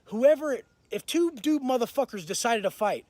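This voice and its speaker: A man telling rough stories in a blunt, swaggering, heavily cursing way, often restarting and repeating words as he gets worked up. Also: sits high, expressive, moderate pace, no room sound. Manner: blunt, profane, swaggering street talk. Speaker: vlogger recounting prison life. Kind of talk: casual storytelling monologue.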